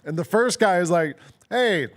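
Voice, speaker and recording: A man's voice: mid-range voice, fairly quick. Rambling man chatting about wrestling. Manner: rambling, heavy on "like" and "um" fillers; amused storyteller. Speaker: sports radio co-host. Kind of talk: casual sports talk chat.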